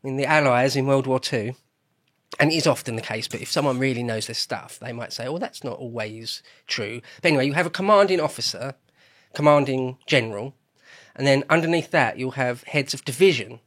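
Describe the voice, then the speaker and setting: A man's voice: medium pitch, a little fast, a bit bright. A man hosting a casual podcast conversation, talking in a loose, rambling way and often correcting himself. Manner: chatty, rambling, self-correcting. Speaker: podcast host. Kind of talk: casual chat.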